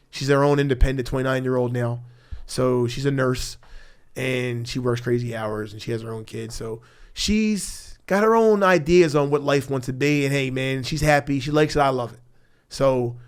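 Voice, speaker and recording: A middle-aged man from Philadelphia talks candidly in a studio interview. His voice sits at an ordinary pitch, and he speaks bluntly and profanely. He swings from raised, heated outbursts to low, hushed reflection. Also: smooth. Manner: blunt, profane, emotional; grows loud when angry, drops low and quiet when tender. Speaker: podcast guest. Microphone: studio mic.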